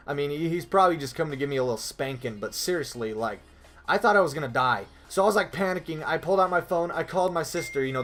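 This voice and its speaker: A young man with a slightly high voice tells a story from his own life as a vlogger. He talks loosely and swears a lot. He keeps breaking into shrill, panicky voices to act out the people in it. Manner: animated, swearing, acts out scenes in high screaming voices. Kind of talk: storytime vlog.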